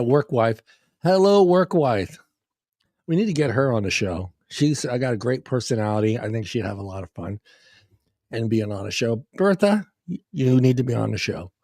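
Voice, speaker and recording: A man's voice: mid-range voice, darkish tone, no room sound, studio quality. A man hosting a podcast in casual chat, joking and laughing loosely with plenty of swearing. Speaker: podcast host.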